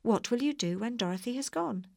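A woman's voice: fairly high pitch, animated, brisk, creaky, darkish tone, no room sound, clean studio sound, voice pushed up. A gracious, reassuring good witch, read by a woman.

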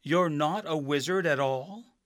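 A man's voice: measured pace, fairly bright tone, dry recording, studio quality. A man voicing an earnest young girl. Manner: earnest, raised pitch. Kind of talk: storybook reading.

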